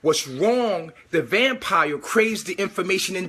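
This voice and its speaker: A man speaking in a casual, preachy vlogging monologue, animated and swearing often as he lectures his viewers. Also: high-pitched, measured pace.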